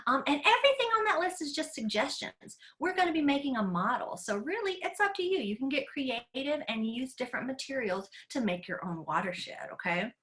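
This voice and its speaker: Speaking a little fast with hardly any pauses, this aquarium educator from Tennessee has a high, animated, fairly bright voice. She leads a live online children's class, addressing the kids directly over a computer mic with playful enthusiasm.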